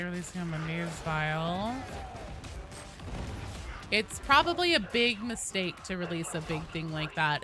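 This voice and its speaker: A young woman streaming a game, chatting casually and greeting viewers with bursts of excitement. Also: on the low side. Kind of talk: casual gaming stream chat.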